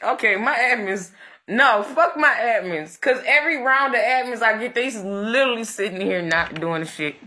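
Loud cussing woman on her phone live, forceful voice, slow drawn out talk, bossy and taunting. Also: mid-range voice. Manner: brash, profane, taunting, bossing her moderators around. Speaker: live streamer. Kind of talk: unscripted live stream rant to viewers.

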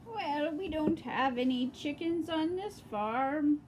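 A woman's voice: high-pitched, animated, slow pace. A woman narrating a pretend farm game with plush toys in a sing-song storytelling manner. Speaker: playing with plush toys alongside a child. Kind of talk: toy play narration. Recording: background noise.

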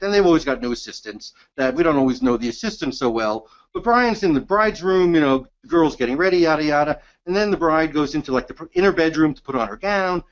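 Emphatic New man, slightly high voice. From New York. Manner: emphatic, energetic, self-described cynic. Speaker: photography educator. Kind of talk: animated storytelling workshop. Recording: dull lo-fi recording.

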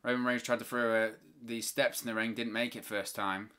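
A man with a bright, forward voice calls a wrestling match live for his viewers. He narrates each move and breaks into opinionated, exasperated rants about the referees. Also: mid-range voice, level tone, brisk, clear, resonant tone. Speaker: watch-along host.

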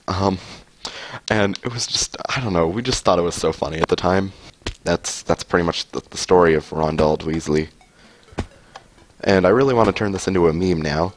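A man's voice: low voice, a little hiss or hum. A man rambling through a story as he comments on gameplay, with lots of fillers, restarts and laughter. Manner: laughs often. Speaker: gaming video host.

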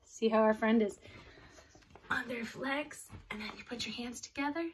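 A woman's voice: fairly high pitch, normal speed. A woman reading a picture book and leading a children's yoga class, encouraging the kids in simple words. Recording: distant mic, faint background noise.

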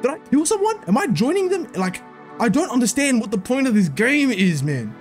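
A man's voice: extremely high pitch, big pitch swings, a little fast, soft background music. A young man giving panicky, swearing commentary while playing horror games, jumping between fear and mocking jokes. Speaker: gaming video creator.

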